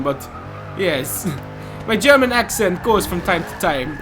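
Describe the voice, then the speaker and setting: An excitable man commentates his racing game run, whooping and laughing between corners. His voice sits high. Game music runs underneath. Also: moderate pace. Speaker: gaming YouTuber. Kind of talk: gameplay commentary.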